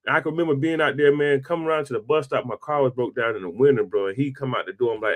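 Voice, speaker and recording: A man in his forties hosting a casual interview, telling stories in a relaxed, slang-filled way. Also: medium pitch, racing, few pauses. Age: 40s. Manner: slangy storytelling, peppered with "bro" and "man". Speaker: podcast host.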